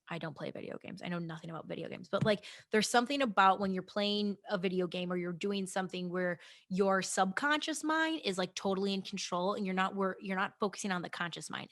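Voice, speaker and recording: A woman's voice: medium pitch, fairly bright tone. A young adult woman hosting a podcast, talking casually and frankly, swearing now and then and addressing her listeners directly. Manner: chatty, swearing, many restarts and asides to listeners. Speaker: podcast host. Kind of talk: casual chat about goals and meditation.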